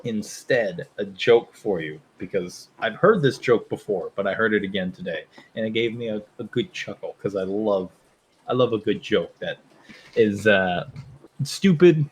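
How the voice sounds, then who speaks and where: A man's voice: lowish voice, expressive, a little slow, slight background noise, poor audio. A man co-hosting a podcast, chatting casually and laughing as he tells a long groaner joke. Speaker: podcast co-host. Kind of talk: casual chat.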